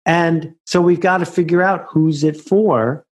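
A man's voice: a little high, steady tone, measured pace. Man telling stories in an interview. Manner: anecdotal, builds stories to a punchline. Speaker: author and guest. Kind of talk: conversational storytelling.

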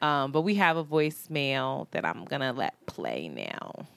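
A woman's voice: a bass voice, wildly swooping pitch, unhurried, creaky, smooth, no room sound. A woman co-hosting a podcast in casual chat, slangy, laughing often and talking freely. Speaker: podcast co-host.

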